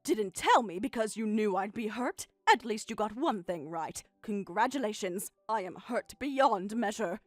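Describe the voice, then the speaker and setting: A woman's voice: mid-range voice, expressive, measured pace, hardly any pauses, no echo, soft background music, voice pushed down. Karen, a woman playing a cold, bitter mother. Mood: bitter sarcastic. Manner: cold, sarcastic, clipped. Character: bitter hurt middle-aged mother and wife. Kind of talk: dramatized text-story reading.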